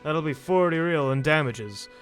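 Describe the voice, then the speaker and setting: A man's voice: a little high, expressive, normal speed, faint music behind, lightly acted. A man doing a sarcastic grumpy cafeteria manager. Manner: sarcastic, exasperated. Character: grumpy male cafeteria manager demanding payment.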